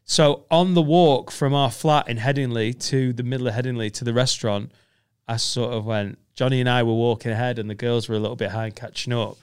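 A man's voice: medium pitch, fairly even intonation, fairly quick, clear, resonant tone. A man, a comedian guest telling anecdotes on a casual podcast, acting out other people's voices and swearing freely.

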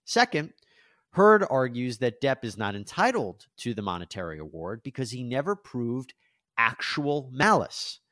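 A male legal news host with a mid-range voice that swings up and down with animated emphasis, walking through court filings and reading passages aloud. The sound is dry and close, with no room echo. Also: mid-range voice, unhurried.

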